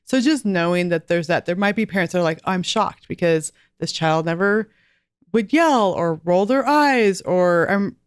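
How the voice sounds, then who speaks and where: Earnest low-voiced woman, crisp and dry. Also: moderate pace, no echo. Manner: chatty, earnest, with light laughs. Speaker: guest author and homeschool mom. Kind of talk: casual podcast interview.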